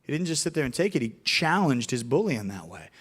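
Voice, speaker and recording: A young man, preaching to middle schoolers in an animated storytelling way. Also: mid-range voice, quick pace, slightly rough. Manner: animated storytelling, acts out voices in anecdotes. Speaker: youth pastor.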